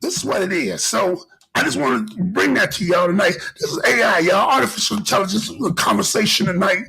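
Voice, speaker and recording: Speaking fairly quickly, a middle-aged man hosting a podcast delivers a casual, preachy, animated monologue that keeps returning to earlier points. He has a high, very gravelly, husky voice that swings widely in pitch, with a bright, forceful edge, and the audio is poor.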